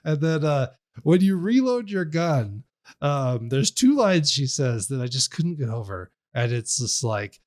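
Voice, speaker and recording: A man co-hosting a games podcast, retelling what he played in a rambling, animated way with frequent laughs. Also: medium pitch, measured pace. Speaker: podcast co-host. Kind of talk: casual game review chat.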